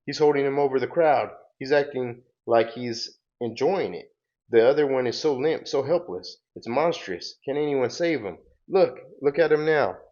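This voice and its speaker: A man's voice: medium pitch, moderate pace, hardly any pauses, dull audio, natural voice. A man doing panicky cops and bystanders. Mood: alarmed. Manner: urgent, excited shouting.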